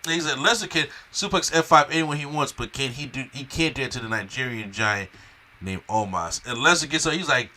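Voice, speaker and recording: A man casually recapping a wrestling show episode in a rambling, animated way, with frequent restarts and fillers. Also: a little high, fairly quick.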